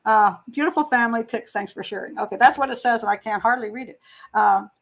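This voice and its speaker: A middle-aged woman hosts a casual live stream, her voice sitting a little high for a woman. She rambles in a chatty way, stopping to read out comments from viewers. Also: quick pace, rough recording. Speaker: host.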